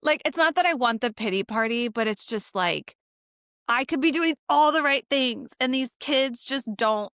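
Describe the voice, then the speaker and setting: A woman in her thirties with a fairly high voice, co-hosting a casual podcast. She tells stories with animation, climbing in pitch as she makes a point. The sound is dry and close to the mic. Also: moderate pace, no echo. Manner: animated storyteller, rises in pitch when emphatic. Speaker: podcast co-host. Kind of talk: casual chat.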